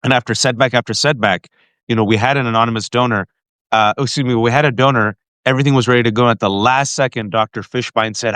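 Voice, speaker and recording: Male host, mid-pitched, dry close sound, emotional storyteller who restarts often. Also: quick pace, no echo. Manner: animated, emotional, frequent restarts and direct address to the guest. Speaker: podcast host. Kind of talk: heartfelt personal storytelling to a guest.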